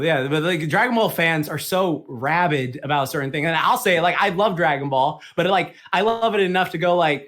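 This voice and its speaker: Ranting, profane man on a podcast. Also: fairly high pitch. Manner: fast, animated storytelling with quick put-on quotes. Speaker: podcast co-host. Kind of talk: casual podcast chat.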